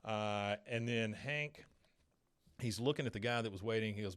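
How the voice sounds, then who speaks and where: Podcast co-host, man, casual recap, breaks into quick character voices. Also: on the low side, fairly bright tone, clean tone. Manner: retells scenes, briefly acting out the characters' lines. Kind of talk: casual chat recapping a cartoon episode.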